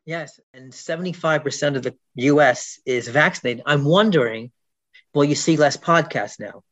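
A man's voice: fairly high pitch, moderate pace, fairly bright tone, highs cut off. A man in a casual podcast chat, joking and self-deprecating.

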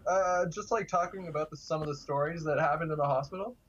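A man's voice: fairly high pitch, fast, fairly bright tone, lo-fi sound. A man telling casual stories as a guest, chatty and laughing through his anecdotes. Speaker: guest, kidney donor. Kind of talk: casual storytelling.

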